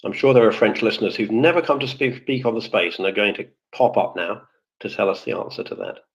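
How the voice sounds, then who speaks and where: A man's voice: lowish voice, lively intonation, fast talker. A man in a casual live audio-room chat who rambles and corrects himself, with many fillers, speaking as a former office IT worker. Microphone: computer or phone mic in a live audio room. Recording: dull lo-fi online audio-room stream.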